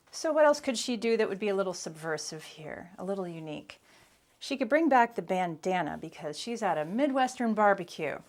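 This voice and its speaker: A woman vlogger giving a casual, chatty fashion commentary to camera, playful and quick to laugh. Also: medium pitch.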